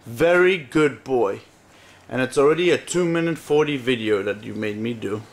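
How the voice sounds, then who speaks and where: A man talking to his baby son at home, playful and gently scolding, repeating words over and over. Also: mid-range voice, normal speed. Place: at home, indoors. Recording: noisy home camcorder recording.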